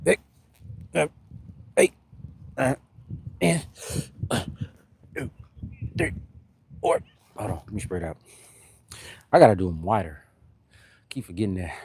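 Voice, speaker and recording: A young man from California with a Californian accent, chatting in slang during a live-stream workout and giving shout-outs to viewers, a little short of breath between sets. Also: lowish voice, very animated, measured pace, creaky, long pauses, husky. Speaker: fitness streamer.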